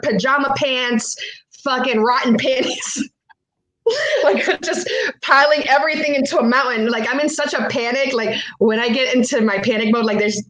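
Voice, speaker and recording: A woman's voice: high voice, fairly bright tone, poor audio. A woman telling a true personal story on stage, frank and profane, laughing as she goes and switching between English and Spanish.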